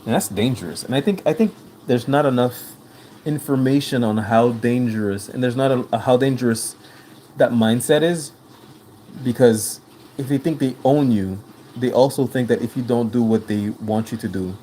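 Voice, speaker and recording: A man's voice: mid-range voice, moderate pace, warm tone, a little hiss or hum, poor audio. A man with an accent hosting a live stream, reading viewer comments aloud and answering them in an earnest way, often repeating himself to make a point. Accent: non-native English accent. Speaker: livestream host.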